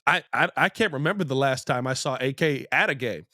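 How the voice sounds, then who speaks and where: A young man hosts a sports podcast, talking in excitable, rambling runs full of restarts. His voice sits at an ordinary pitch. The recording is dry and close. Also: a little fast, no room sound. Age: young adult. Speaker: podcast host. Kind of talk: casual sports podcast banter.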